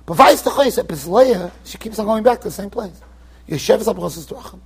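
A man giving an informal Torah lecture as a rabbi, animated and joking, repeating phrases for emphasis. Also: high voice, a little fast, vocal fry. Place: yeshiva lecture hall.

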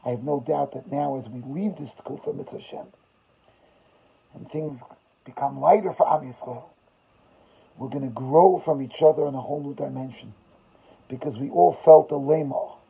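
Raspy rabbi in a fervent sermon. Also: male voice, medium pitch, moderate pace, long pauses. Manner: swings from loud emphasis to hushed, tearful retelling. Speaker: rabbi giving a Torah class. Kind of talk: emotional sermon storytelling. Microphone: video call. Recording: dull lo-fi video call audio.

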